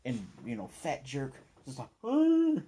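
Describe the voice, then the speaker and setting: A man's voice: medium pitch, lively intonation, normal speed, mellow. A man casually recapping an anime episode, acting out the characters' lines as he retells the scenes. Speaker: anime reviewer.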